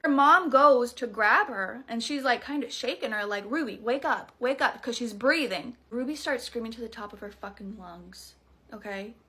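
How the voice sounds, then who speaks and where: A Southern woman in her thirties tells a scary story straight to the camera in a loose, chatty way. Her voice sits a little high with a bright, forceful edge, and she swears freely and throws in dramatic asides as she goes. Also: normal speed. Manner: animated, profane, dramatic asides. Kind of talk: casual storytime.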